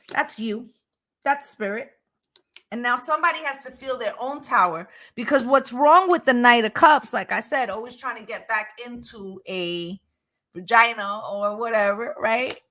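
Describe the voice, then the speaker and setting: Woman tarot reader, higher voice, emphatic, profane, keeps asking "right?". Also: pushed and bright, poor audio. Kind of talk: casual spoken tarot reading.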